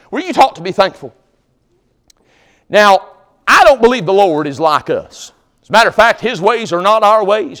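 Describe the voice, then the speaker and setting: High, lively-voiced man preaching a sermon. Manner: loud, ringing scripture recitation; folksy, conversational asides to the congregation. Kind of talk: sermon with altar call. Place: church sanctuary.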